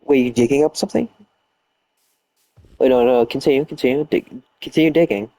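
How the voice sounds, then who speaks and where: A brisk, creaky, dark-toned mid-range voice belongs to a young streamer commenting casually on a late-night game while lying down. He mutters and swears out of frustration, his outbursts half-whispered.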